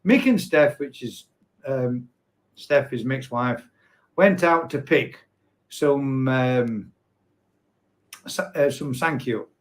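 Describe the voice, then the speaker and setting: A man's voice: medium pitch, expressive, slow pace, pauses often. A man hosting a casual live stream, chatting and reading out viewer comments in a rambling, self-correcting way. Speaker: host.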